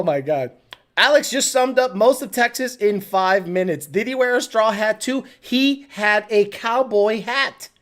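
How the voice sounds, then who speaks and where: A woman hosting a live show, telling stories in a loose, profane way. Her pitch swings widely as she tells them, and she laughs often between lines. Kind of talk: casual storytelling.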